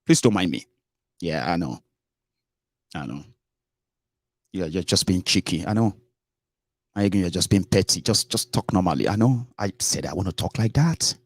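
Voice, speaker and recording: A man's voice: low voice, animated, normal speed, long pauses, no echo, studio quality. A man hosting a casual political commentary show, chatty and sarcastic, slipping into Pidgin.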